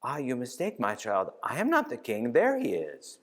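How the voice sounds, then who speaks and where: A man's voice: medium pitch, huge pitch swings, normal speed, a bit bright. A man reading aloud and voicing a mild, courteous young prince, heard in a reverberant church hall.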